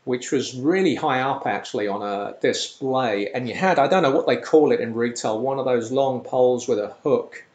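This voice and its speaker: Dry, rambling comedian. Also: male voice, mid-range voice, normal speed, few pauses, a little mellow. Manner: dry, rambling, self-deprecating. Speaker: comedian podcast host. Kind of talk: comic storytelling monologue. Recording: roomy echo.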